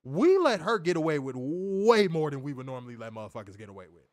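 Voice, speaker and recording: A man hosts a casual wrestling review show, his fairly high voice swinging widely as he mocks and tells stories. The recording is dry and close, with no room sound. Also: fast, no echo. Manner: animated, mocking, lively storytelling with impressions. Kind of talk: casual profane podcast banter.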